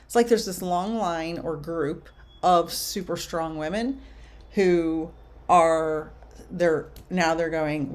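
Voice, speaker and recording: Older female medium, livestream readings; slightly low voice, very slow, thoughtful delivery. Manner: slow, musing, relays messages with soft laughs. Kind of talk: livestream reading, answering viewer questions.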